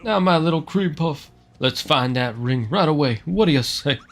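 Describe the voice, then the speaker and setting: A man's voice: a little high, animated, normal speed, faint music behind. A man voicing a clingy, melodramatic lovestruck woman with a Southern belle drawl, gushing and demanding. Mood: doting.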